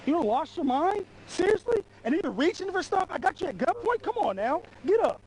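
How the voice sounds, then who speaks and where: A male state trooper, shouting repeated forceful commands at a traffic stop. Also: very high-pitched, very animated, brisk. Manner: forceful, repetitive barked orders. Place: outdoors at a roadside traffic stop. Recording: noisy roadside police camera audio.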